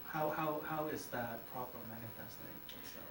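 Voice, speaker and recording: Calm coaching hypnotist, far-off echoey mic. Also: mid-range voice, normal speed. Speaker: hypnotist host. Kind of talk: interview questioning. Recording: roomy, distant mic, noisy background.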